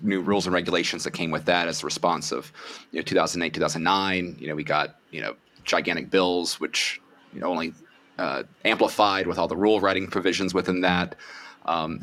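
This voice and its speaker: A man's voice: low voice, a bit bright. A man hosting a podcast, asking a long, rambling question full of "you know". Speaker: podcast host. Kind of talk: podcast discussion.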